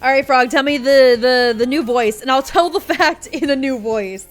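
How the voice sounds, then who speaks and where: A woman's voice: high-pitched, normal speed. A woman streaming a video game, chatting casually with sarcastic asides and swearing. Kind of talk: casual gameplay commentary. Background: game music.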